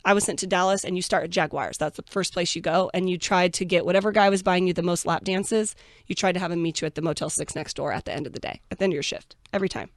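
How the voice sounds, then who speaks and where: A woman's voice: on the low side, fast, dry recording, studio quality. A woman guest in an interview, telling her own story in a blunt, frank way and acting out the people she quotes. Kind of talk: candid interview talk.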